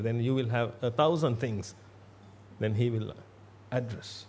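A man's voice: medium pitch, fairly even intonation, moderate pace, darkish tone. A man giving a Buddhist sermon in a blunt, emphatic way, repeating himself for stress. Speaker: Buddhist monk.

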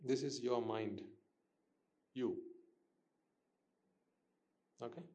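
A man's voice: medium pitch, drawn-out words, a little mellow. Man giving an emphatic dharma talk. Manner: questioning, emphatic, repeats phrases. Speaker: Buddhist teacher.

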